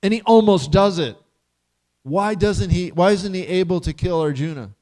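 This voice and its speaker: A man's voice: high-pitched, moderate pace, a little mellow. A man giving a casual scripture class in a temple hall, chatty and laughing often as he quizzes his listeners.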